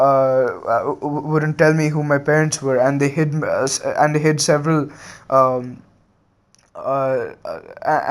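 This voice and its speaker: A man voicing a cheerful, sharp-witted young ninja boy, talking casually and unbothered in a retold fan story. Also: on the high side, close to an everyday voice.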